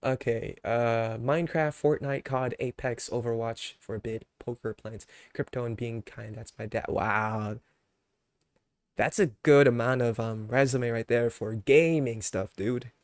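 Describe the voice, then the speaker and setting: A man's voice: mid-range voice, fairly even intonation, dry recording. Chill streamer guy rambling casually, lots of ums, dry close sound. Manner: laid-back, rambling, many fillers, quick to laugh. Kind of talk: casual chat.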